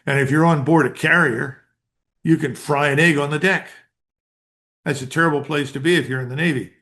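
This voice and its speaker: With a mid-range, slightly bright voice, the older American retired colonel offers interview commentary, his replies as a guest blunt and emphatic.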